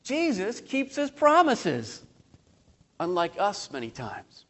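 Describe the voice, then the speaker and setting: A male pastor delivering a sermon in a notably high voice. He slows to a crawl on key phrases, swells suddenly louder, and asks his listeners rhetorical questions. He mixes earnest pleading with self-mocking humor. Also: huge pitch swings. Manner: impassioned preaching with slow emphatic phrases and sudden surges in loudness.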